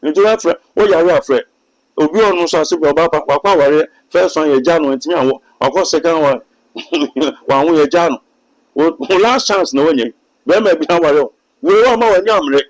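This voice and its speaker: A man's voice: a little high, a little fast, poor audio. A Ghanaian man, a pastor and prophet, speaks emphatically in a sermon-like way during an interview, with a Ghanaian accent. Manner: emphatic, sermon-like, mixing in English phrases. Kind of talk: preaching in an interview.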